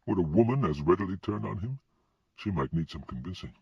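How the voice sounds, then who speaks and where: A man narrating a fantasy audiobook in an expressive reading style. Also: sits low, brisk, vocal fry, breathy edge, no echo. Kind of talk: scripted narration. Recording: dull lo-fi recording.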